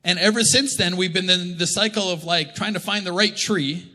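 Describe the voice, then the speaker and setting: Male pastor, fairly high, bright and forceful voice, chatty joking sermon, big church echo. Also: moderate pace. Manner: conversational, joking preaching. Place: church auditorium. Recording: long church reverb.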